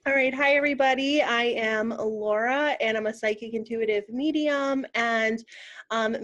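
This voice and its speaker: A woman psychic medium introducing herself in a casual group chat, easygoing and laughing often. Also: fairly high pitch.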